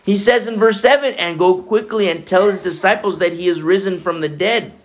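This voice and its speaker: A man preaching a sermon as pastor, in a conversational, animated way full of asides. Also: high voice, a little fast.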